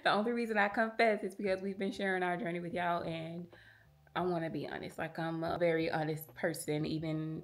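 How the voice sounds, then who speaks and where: A woman's voice: on the low side, a bit bright, no room sound. A woman in her thirties talking casually to her viewers while out on a morning walk, candid and chatty, a little out of breath. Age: 30s. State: slightly out of breath from walking. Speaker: vlogger. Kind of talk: casual chat to camera while walking.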